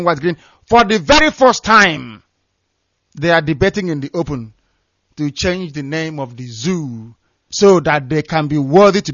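A Nigerian man working as a radio broadcaster delivers fiery, scornful, emphatic political commentary, repeating phrases for stress. His voice is fairly high and a bit bright, and the recording is muffled with no echo.

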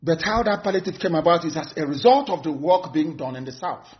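A man's voice: on the high side, animated, a little fast. A Nigerian man giving a fiery, scornful political broadcast, repeating phrases for emphasis. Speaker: activist addressing followers. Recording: dull lo-fi recording.

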